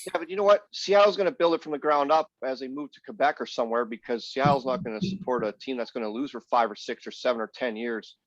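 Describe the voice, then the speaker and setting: A man's voice: mid-range voice, fast, few pauses, no echo. A man co-hosting a casual hockey podcast, blunt and sarcastic in his opinions. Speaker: podcast co-host. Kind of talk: casual sports chat. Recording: dull lo-fi, dry sound.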